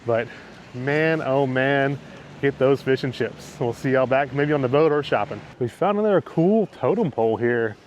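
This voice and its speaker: An excited man narrates his own travel vlog while walking around a harbor town, piling on the superlatives. His voice sits at an ordinary middle pitch. A faint hiss runs under the recording. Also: normal speed. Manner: enthusiastic and upbeat, with frequent superlatives. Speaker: travel vlogger. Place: outdoors in a port town.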